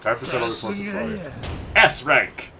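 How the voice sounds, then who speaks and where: A man's voice: medium pitch, very animated, moderate pace, a crowd in the background. A man from Europe streaming a video game, chatting casually and joking with his co-host. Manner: chatty, joking, reads game dialogue aloud in put-on voices. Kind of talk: casual gaming chat.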